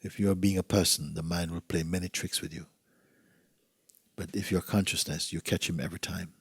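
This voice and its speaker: A man with a low, husky voice gives a gentle spiritual talk. He speaks softly and often sinks into a near whisper. His manner is unhurried, with rhetorical questions that invite the listener in. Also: steady tone, no echo, clean studio sound. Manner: soft-spoken, often sinking to a whisper; gentle, asks rhetorical questions like "you see?". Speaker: spiritual teacher. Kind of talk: spiritual talk, reading and answering letters.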